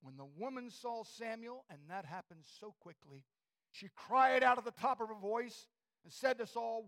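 A male preacher giving a fervent sermon in a church, swinging from shouts to near whispers. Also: extremely high pitch, normal speed.

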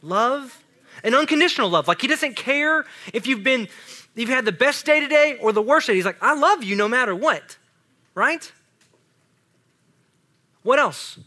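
A man preaching a casual, animated sermon to a youth group. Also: extremely high pitch, a little slow, long pauses. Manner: casual, animated, talks to students with "y'all". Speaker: youth pastor.

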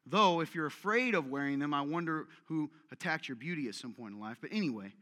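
A man preaching a sermon as pastor, direct and energetic, with rhetorical questions and self-deprecating humor. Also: fairly high pitch, brisk. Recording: long reverberant hall.

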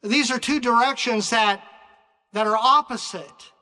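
A man preaching a sermon in a slow, deliberate way, with frequent pauses and restarts. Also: very high-pitched, pushed and bright. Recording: long reverb of a large hall.

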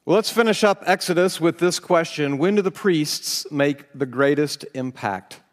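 A man's voice: on the high side, moderate pace, big-room sound. A man preaching a sermon, reading scripture aloud with dramatic voices and chuckling as he comments. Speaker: pastor.

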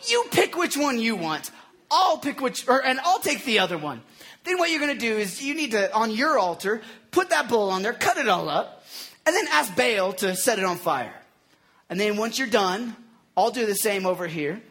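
A man's voice: sits high, very animated, moderate pace, pushed and bright, exaggerated voice. A man voicing a cocky male prophet who mocks and taunts his rivals. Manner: mocking, taunting.

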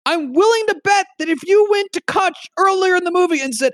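A person co-hosting a casual film chat, talking in an animated, incredulous, profane way. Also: sits high, brisk, hardly any pauses, dry recording, studio quality.

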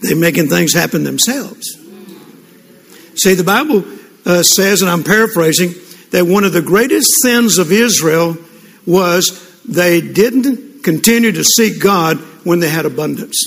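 An older man delivers a sermon in a high, husky, gravelly voice. He tells folksy stories and often restarts his sentences. The sound carries the long reverb of a large hall. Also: animated, a little slow, a bit bright. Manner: folksy storytelling with repeated restarts. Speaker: pastor. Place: church. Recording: echoey hall with congregation responses.

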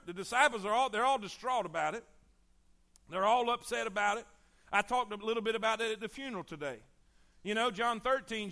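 A man's voice: very high voice, pushed and bright. A man preaching a sermon as pastor, repeating his phrases and calling on the congregation to answer back.

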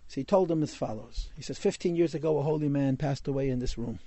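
A man's voice: mid-range voice, fast, mellow, dry recording. A man telling a Hasidic story in a class, mixing in Yiddish and Hebrew words.

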